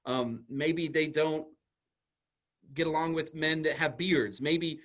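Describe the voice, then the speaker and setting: A man, a school psychologist, giving an animated presentation to an audience and explaining ideas through everyday examples. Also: a little high, takes it slowly.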